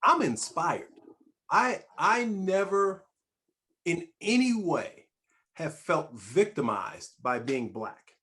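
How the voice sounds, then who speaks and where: Animated man hosting an interview. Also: a little high, takes it slowly. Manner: emphatic and animated, with repeated restarts. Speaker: talk show host. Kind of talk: conversational interview.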